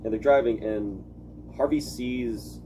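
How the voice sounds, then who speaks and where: Male host, casual and profane, middle pitch, slips into character bits. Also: slow pace, warm tone, slight background noise. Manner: loose and profane, acts out character lines. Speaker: podcast host. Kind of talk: casual chat.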